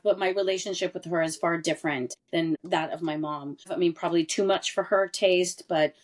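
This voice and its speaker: Candid woman, slightly low voice. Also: fairly even intonation, brisk. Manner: earnest, candid, emphatic. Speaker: interview guest. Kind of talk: emotional personal storytelling. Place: lived abroad in Europe.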